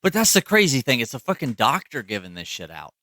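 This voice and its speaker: A man's voice: medium pitch, huge pitch swings, fast talker, sharp tone, dry recording. A man co-hosting a podcast in casual chat, rambling and profane with lots of fillers. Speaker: podcast co-host.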